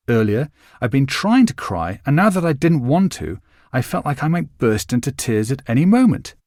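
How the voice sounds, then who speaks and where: A male narrator reads a novel aloud with a lively, rising and falling delivery at a middle pitch. His measured storytelling keeps the images clear. The recording is close and very dry. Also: no room sound. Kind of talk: scripted narration.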